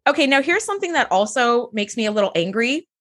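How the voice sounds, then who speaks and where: A woman co-hosting a casual chat show, animated and given to acting out characters' lines, with casual swearing. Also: fairly high pitch, quick pace. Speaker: podcast co-host.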